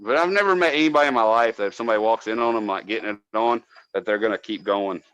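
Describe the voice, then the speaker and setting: A man from North Georgia, a podcast co-host telling a casual, profane story from his days as a cable tech, loudly acting out what people said. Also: on the low side, fast, clean tone, no room sound, poor audio. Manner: profane, animated, acts out quotes loudly.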